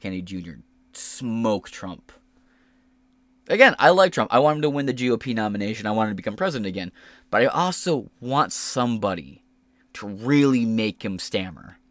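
A man's voice: on the low side, no room sound. Profane, ranting male podcast host. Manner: heated, profane rant. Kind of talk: casual political commentary.

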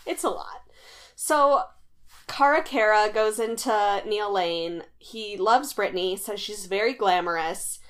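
A woman's voice: mid-range voice, measured pace, a bit bright. A young woman co-hosting a casual recap chat, blunt and chatty with easy laughs. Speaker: podcast co-host.

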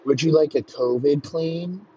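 A man's voice: a little high, unhurried, mellow. Guy ranting and cussing nonstop, mocking everybody, kinda muffled lo-fi sound. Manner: crude, mocking, swears constantly. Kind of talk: profane comedic rant. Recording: slightly muffled lo-fi recording, faint background noise.

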